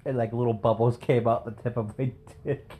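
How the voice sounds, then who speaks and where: A man's voice: mid-range voice, flat delivery, fairly quick, dark tone, slight background noise. A man co-hosting a podcast, telling stories in a crude, profane casual chat. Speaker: podcast co-host.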